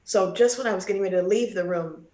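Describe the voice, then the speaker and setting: Animated woman telling a story, roomy echo. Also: medium pitch, fast talker. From United States, Texas and California. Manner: animated, acting out the people she quotes. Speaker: guest vocalist. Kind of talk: storytelling in casual interview. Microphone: video call.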